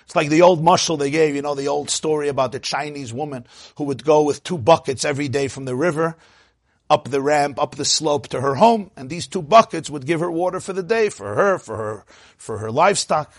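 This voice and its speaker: A man giving a sermon, telling stories in an expressive way and mixing in Yiddish and Hebrew phrases. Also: fairly high pitch, no echo, studio quality. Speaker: rabbi. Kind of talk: sermon with storytelling.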